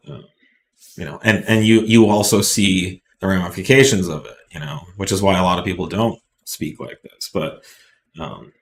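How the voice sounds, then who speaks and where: A man's voice: low voice, vocal fry. A man hosting a casual live Q&A, talking bluntly and rambling with many fillers and restarts. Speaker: company representative hosting live Q&A.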